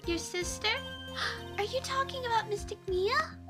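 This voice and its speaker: A woman's voice: extremely high pitch, animated, normal speed, over music, pitched above the performer's own voice. A woman voicing an earnest, wide-eyed little girl in a game read-along, sounding breathless and childlike. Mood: awed.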